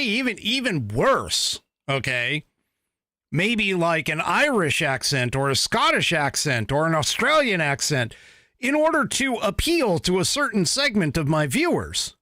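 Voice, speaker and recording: A man hosting a podcast, giving animated, exasperated commentary with frequent laughs. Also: high voice, no room sound, clean studio sound. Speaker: podcast host. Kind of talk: opinionated commentary.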